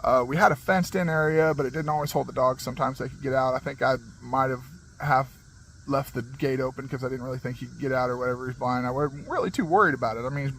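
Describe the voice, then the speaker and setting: A man telling a funny story from his childhood in a rambling, animated way. He laughs as he talks and uses many fillers and restarts. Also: medium pitch, quick pace, a little hiss or hum, low-quality recording. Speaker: channel host. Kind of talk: casual storytelling monologue.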